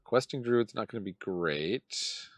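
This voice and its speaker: A man's voice: fairly low pitch, animated, unhurried, no room sound. A man giving casual gameplay commentary as a channel host, muttering his thoughts aloud while he plays.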